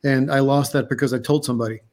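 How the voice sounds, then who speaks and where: A man's voice: mid-range voice, steady tone, fast, a little mellow. A man, an underwater diver and cameraman, recounting a story as a guest in a casual interview, earnest and full of restarts and fillers.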